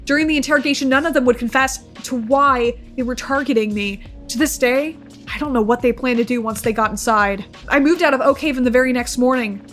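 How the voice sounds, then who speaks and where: A woman streamer giving casual commentary on a horror game, excitable, swearing and shrieking. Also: high-pitched, brisk. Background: faint game music.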